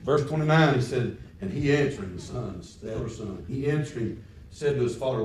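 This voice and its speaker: Male preacher, high voice, colloquial and shouting, heard from afar in a roomy church with faint noise. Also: lively intonation, a little fast. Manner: swings from quiet reading to shouted preaching; folksy, colloquial phrasing. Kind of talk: sermon. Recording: echoey hall from far off.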